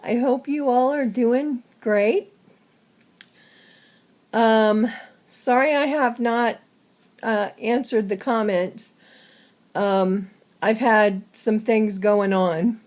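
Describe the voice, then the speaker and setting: A woman giving a casual personal update to her viewers, short of breath and halting, with many fillers. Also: a little high, a little mellow. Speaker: vlogger.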